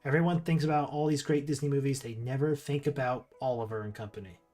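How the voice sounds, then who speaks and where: A man's voice: medium pitch, steady tone, quick pace, a little mellow, soft background music. A man streaming casual commentary while ranking movies, rambling with restarts and asides.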